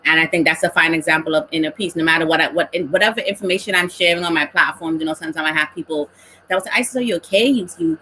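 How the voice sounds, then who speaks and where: A woman on a panel talks through her thoughts in a calm, reflective way and laughs easily. Her voice is a little low and bright. A faint ambience sits behind her. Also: very fast, a little hiss or hum, rough recording. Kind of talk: casual panel talk.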